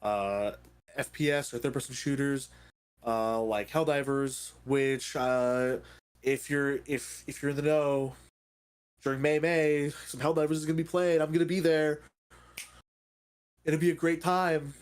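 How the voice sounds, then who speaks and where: A man hosting a livestream in casual chat, playful and excitable, laughing and thanking viewers. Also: a little high, unhurried, clean tone. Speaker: streamer.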